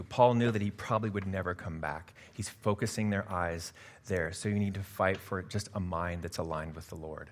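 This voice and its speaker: A male pastor, likely middle-aged, giving a sermon, swinging from quiet, confiding asides to loud, emphatic passages, and laughing at himself now and then. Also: sits low, normal speed. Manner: self-deprecating, laughs at himself.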